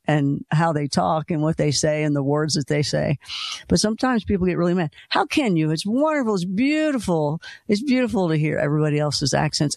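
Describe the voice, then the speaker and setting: Gravelly, chatty radio call-in host. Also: male voice, on the high side, no echo. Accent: slight Kentucky. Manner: chatty, rambling, restarts. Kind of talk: casual call-in radio chat.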